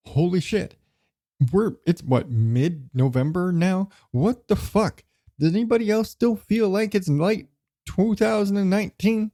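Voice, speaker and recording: A man's voice: medium pitch, vocal fry, mellow. A man hosting his own podcast alone, rambling casually, swearing freely and chuckling between thoughts. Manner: rambling, profane, chuckling often. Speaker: podcast host. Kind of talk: solo casual podcast monologue.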